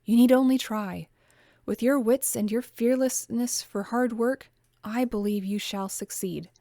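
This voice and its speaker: An earnest, genteel young lady who speaks with encouraging conviction, as a woman reader voices her. The voice is raised slightly above the reader's usual pitch. It sounds dry and close. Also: fairly even intonation, unhurried, mellow, dry recording.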